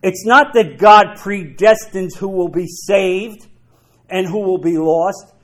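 Man, preacher, sermon, high-pitched voice, emphatic, repeats himself for emphasis. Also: slow, fairly bright tone. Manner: emphatic, repeats key phrases.

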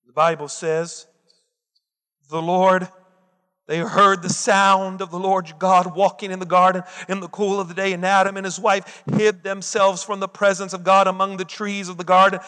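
A man's voice: high voice, little pitch movement, normal speed, bright, forceful tone, smooth. A man preaching a sermon with emphatic delivery, posing rhetorical questions to his listeners. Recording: long reverb of a large hall.

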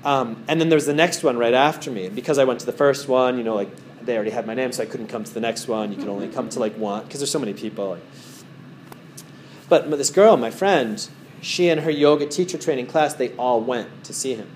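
A man's voice: mid-range voice, fast talker, a little hiss or hum. Rambling casual male meditation teacher. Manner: rambling storyteller with many fillers. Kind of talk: casual talk to a small group. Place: wellness center room.

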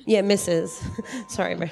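A woman's voice: mid-range voice, gravelly, a little mellow. A woman in her thirties giving a casual, rambling testimony in church, with many fillers.

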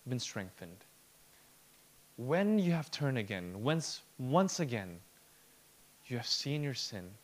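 Preaching with earnest force, this male pastor speaks in a mid-range voice. He quiets down to a slow, soft near-whisper, then climbs back up for emphasis.

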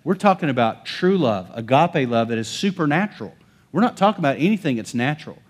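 A man preaching a sermon as pastor, emphatic and swinging between bold calls and hushed asides, often calling to the congregation for amens. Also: fairly high pitch, expressive, fast talker, slightly rough.

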